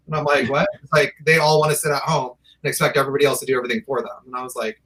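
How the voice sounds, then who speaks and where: A man's voice: medium pitch, level tone, racing, hardly any pauses, fairly bright tone, poor audio. A man from Southern California chatting on a livestream in a blunt, profane, outspoken way. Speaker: livestream guest. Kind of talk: casual chat.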